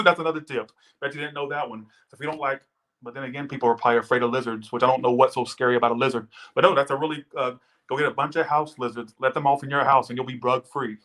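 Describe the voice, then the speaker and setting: A man's voice: medium pitch, fairly bright tone. A man giving a casual live tarot reading, rambling and chatty, swearing now and then as he thanks viewers and tells stories. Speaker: tarot reader. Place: Las Vegas.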